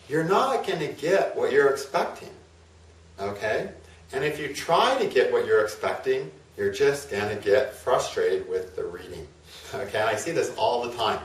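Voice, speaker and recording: A male astrologer tells a myth to an audience in a loose, chatty way, often tagging his points with a question. His voice sits at a middle pitch. It is recorded in a roomy space, some distance from the mic. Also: lively intonation, a little slow. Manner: chatty, with fillers and tag questions. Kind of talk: casual storytelling lecture.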